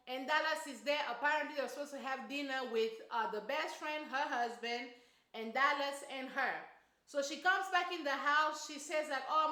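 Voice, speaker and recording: A woman's voice: high voice, pushed and bright, roomy sound. A woman giving a casual, emphatic movie review, repeating her points with exclamatory punch.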